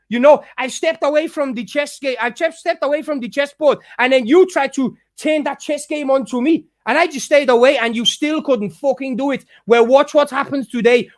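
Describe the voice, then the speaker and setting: Guy ranting at some youtuber, really high voice, swears a lot, keeps tripping over his words. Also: no room sound, clean studio sound. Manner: heated, profane, repetitive restarts. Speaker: YouTuber calling out a rival. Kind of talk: angry ranting vlog.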